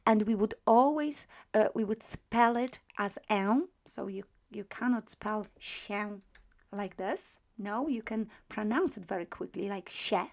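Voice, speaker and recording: A woman's voice: medium pitch, measured pace, darkish tone. A woman teaching a language lesson, patiently explaining and modeling pronunciation step by step.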